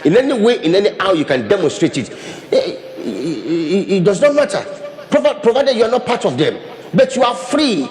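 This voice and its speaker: Animated preaching man in a reverberant hall. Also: sits high, moderate pace, slight background noise. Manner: animated, repeats and restarts phrases, demonstrates with hands. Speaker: pastor. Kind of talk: sermon.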